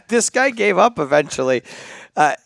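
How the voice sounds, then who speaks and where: A man's voice: high-pitched, very animated, unhurried, vocal fry, a bit bright, no echo, studio quality. An American man co-hosting a podcast, joking and laughing often with rambling asides in casual banter. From United States. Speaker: co-host.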